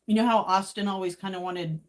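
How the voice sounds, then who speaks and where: A woman's voice: mid-range voice, steady tone, fast. Woman livestream host, chatty and casual, greets viewers between bites.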